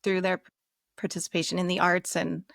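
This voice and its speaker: This middle school teacher has a lowish voice with vocal fry and talks briskly, recorded at studio quality with no echo. During an interview she tells an animated classroom story, acting out its dialogue.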